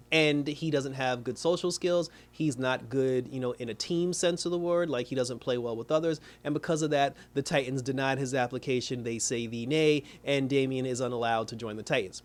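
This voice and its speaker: A man giving a casual, rambling spoiler review, laughing often and acting out characters' lines. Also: mid-range voice.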